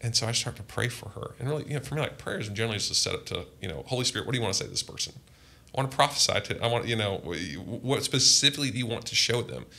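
A man's voice: fairly low pitch, expressive, rapid-fire, gravelly, bright, forceful tone. A man, a pastor, telling earnest personal testimony in a podcast conversation. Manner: earnest, impassioned storytelling.

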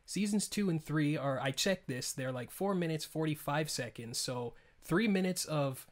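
A relaxed interview host who chats casually and laughs often. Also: mid-range voice, normal speed.

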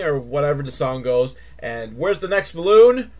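Comic male reviewer, mocking and profane, slightly high voice with big pitch swings. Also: moderate pace. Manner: sarcastic, swears, mocking kid-show cheer; swings between flat mutter and shrill excitement. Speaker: movie reviewer. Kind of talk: comedic movie recap.

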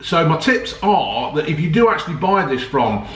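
Reviewing ready meals at home, this man keeps it casual, cracking jokes and swearing occasionally, his pitch on the high side and his delivery very animated at a moderate pace. The off-mic recording sounds roomy and distant, with faint noise.

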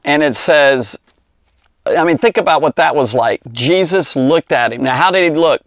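A man's voice: on the high side, moderate pace, a bit bright, dry recording. Chatty Bible teacher man, dry sound. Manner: rambling, conversational, with many fillers and asides. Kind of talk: informal Bible lesson for children.

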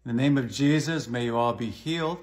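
A man speaking as a priest, leading a spoken prayer in a calm, measured way. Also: medium pitch.

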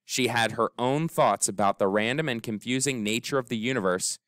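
A man reading a children's story aloud in an expressive, animated way, giving the characters voices. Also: mid-range voice, brisk, no room sound, clean studio sound. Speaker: audiobook narrator.

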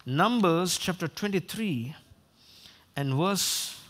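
A man preaching a sermon, animated, acting out quoted voices and often repeating and restarting his words. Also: high voice, slow pace. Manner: animated, acts out quoted voices of God and people. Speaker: pastor.

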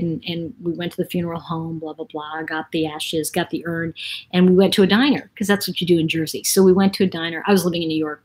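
A woman's voice: fairly low pitch, rough recording. A woman hosting a casual livestream, chatting in a rambling way, laughing often and reading out viewer comments. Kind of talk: casual live-stream chat.

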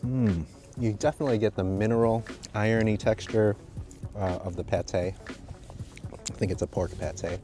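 A man hosting a food vlog outdoors by the water, reviewing sandwiches in a relaxed, thoughtful way with frequent fillers. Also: on the low side, normal speed, pauses often, music in the background. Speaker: food vlogger.

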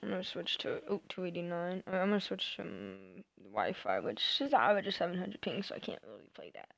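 Chatty young woman streaming a game, gravelly edge. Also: lowish voice, lively intonation, fast, a bit bright, slight background noise, rough recording. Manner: chatty, thinks aloud, self-talk with little sing-song bits. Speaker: gamer streaming live. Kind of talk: casual live-stream chatter while gaming.

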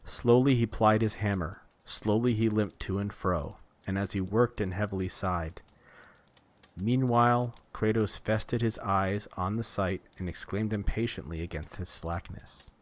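A man reads an old myth aloud in a lowish voice, measured and formal. The sound is dry and close, with no room around it. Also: no room sound. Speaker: reader. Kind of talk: reading a storybook aloud.

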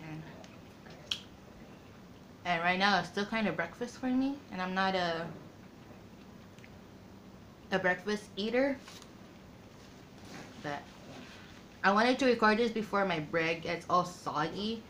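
A woman chatting casually to her viewers in an eating vlog, slow and halting, with many pauses and fillers. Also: mid-range voice, expressive, fairly bright tone, a little hiss or hum, low-quality recording. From Guam. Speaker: mukbang vlogger.

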